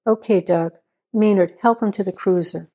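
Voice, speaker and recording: A woman voicing a frustrated middle-aged male sheriff who gives brisk orders, in a story reading. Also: medium pitch, dark tone, husky. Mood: commanding. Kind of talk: audiobook reading.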